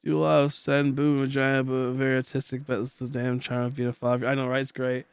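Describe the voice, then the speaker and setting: A man's voice: medium pitch, completely flat delivery, fast, smooth, no room sound. A young man from Michigan chatting casually as a streamer while gaming, rambling and goofy, full of filler words.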